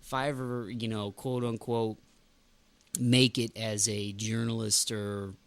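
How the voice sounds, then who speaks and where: A man's voice: lowish voice, little pitch movement, measured pace, creaky, smooth, no room sound. A man hosting a podcast in casual chat, ranting with emphatic outbursts. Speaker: podcast host.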